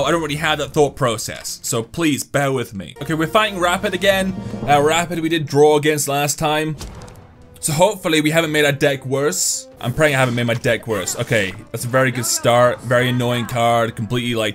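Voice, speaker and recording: Young male gaming commentator, slightly high voice, excitable and sweary, faint background music. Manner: excitable, swings between hype and grumbling, swears. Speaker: gaming YouTuber. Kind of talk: gameplay commentary.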